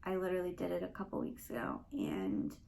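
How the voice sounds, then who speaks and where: A woman's voice: lowish voice, big pitch swings, a little fast, gravelly, darkish tone, slight background noise, rough recording. A young woman hosting a podcast, talking earnestly and emotionally in a rambling personal monologue. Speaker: podcast host.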